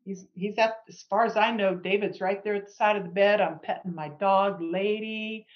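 A middle-aged woman sharing a personal healing testimony as a guest, animated and acting out the people she quotes. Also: mid-range voice, moderate pace, muffled recording. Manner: animated, acts out quoted dialogue.

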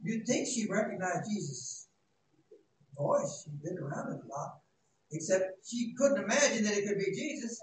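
Male pastor, high-voiced, dramatic and folksy, heard from far in a big echoing sanctuary. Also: moderate pace. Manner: dramatic, shouting at peaks, folksy asides. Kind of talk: sermon. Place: church sanctuary. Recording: echoey church, distant mic, faint noise.

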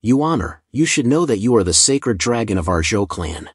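A man voicing a remorseful middle-aged king speaking low and gravely to his son, with a husky voice. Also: very animated, moderate pace, no echo, studio quality. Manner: low, grave, heavy speech.

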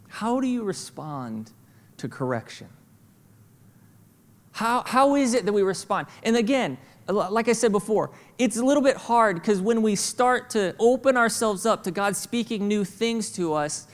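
A man preaching a sermon as senior pastor in a church, conversational and animated, acting out the voices of children and God. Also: high-pitched, measured pace. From St. Louis, Missouri. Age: adult with kids. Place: church auditorium. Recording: reverberant church hall.

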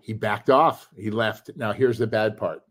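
A middle-aged man chatting on a podcast, telling a long story with lively acted-out quotes and plenty of swearing. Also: on the low side, unhurried. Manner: animated storyteller, acts out quotes, swears freely. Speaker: podcast co-host. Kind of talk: casual storytelling chat.

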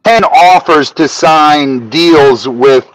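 A middle-aged man telling a story as a podcast guest, animated and profane, rising to shouts when he acts out arguments. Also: a little high, extremely slow, poor audio. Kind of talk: storytelling in casual chat.

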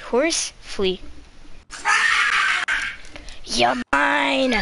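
A woman with a high voice talks through her gameplay in a relaxed, slow way, then breaks into chaotic yelling and laughter. A faint hiss of noise sits under her voice. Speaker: gameplay commentator. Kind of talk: excited gameplay commentary.

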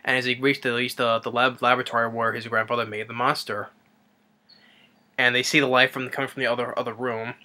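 A man's voice: medium pitch, little pitch movement, brisk, bright, forceful tone. A man casually retelling a film's plot as a reviewer, rambling and hesitant with many fillers and restarts. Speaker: movie reviewer.

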